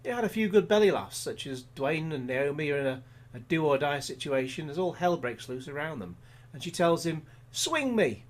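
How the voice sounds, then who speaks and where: A man's voice: on the high side, fairly quick. A man reading a scripted film review voice-over, with dry, sarcastic humour.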